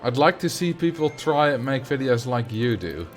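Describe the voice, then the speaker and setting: A man's voice: medium pitch, normal speed, faint music behind. A man streaming a park-building game, chatting casually and thinking aloud as he plays. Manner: relaxed, thinking aloud while playing. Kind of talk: casual gameplay commentary.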